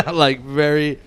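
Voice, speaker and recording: A young man with a Long Island accent, a podcast guest trading fast, brash, laughing banter. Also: a little high, a bit bright. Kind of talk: casual chat.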